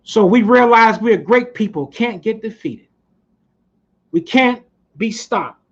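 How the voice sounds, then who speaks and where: Fired-up guy preaching a speech, high voice, cusses for emphasis, muffled lo-fi audio. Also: lively intonation, takes it slowly. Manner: fiery, preachy, profane. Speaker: speaker at a community society. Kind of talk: impassioned motivational speech. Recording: muffled lo-fi recording.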